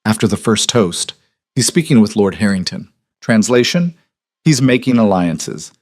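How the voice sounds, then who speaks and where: A man's voice: lowish voice, expressive, moderate pace. A man reading as a stern aristocratic mother. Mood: disapproving. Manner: sharp, hushed and commanding.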